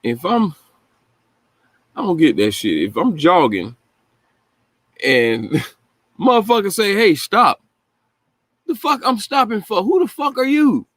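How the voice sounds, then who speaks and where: A man's voice: high-pitched, sing-song, a little slow, pauses often, no echo. A man hosting a show, giving indignant, profanity-heavy commentary on news clips. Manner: indignant, heated, swears freely. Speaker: host reacting to news clips.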